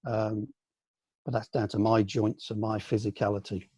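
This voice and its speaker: This older man from the UK speaks with a warm, slightly husky voice over a close, dry video-call line. He reflects at an easy pace, hesitating with ums and restarting phrases as he remembers. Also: lowish voice, level tone, normal speed, dry recording. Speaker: senior aikido teacher answering questions. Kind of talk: casual online Q&A.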